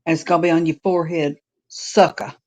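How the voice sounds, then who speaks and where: A woman's voice: low voice, steady tone, darkish tone. A woman chatting casually, teasing her friend and adding short replies. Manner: slow, teasing, short back-channel replies. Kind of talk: casual chat.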